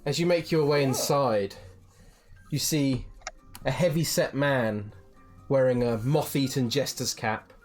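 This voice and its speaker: A woman's voice: extremely low pitch, unhurried, a little mellow, faint music behind. A woman running a tabletop game as the game master, describing scenes in a casual, rambling way. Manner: casual, lots of fillers and restarts, laughs while describing. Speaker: dungeon master.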